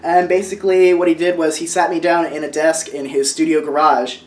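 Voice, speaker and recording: This young man, in his twenties, shows family artwork in a casual home vlog, his voice fairly high, level, brisk and a bit dark. He rambles warmly and sentimentally, restarting often and leaning on fillers.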